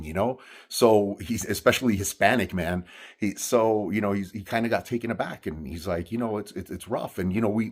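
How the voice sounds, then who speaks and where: Man, deep husky voice, earnest halting storyteller with frequent restarts. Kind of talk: personal storytelling monologue.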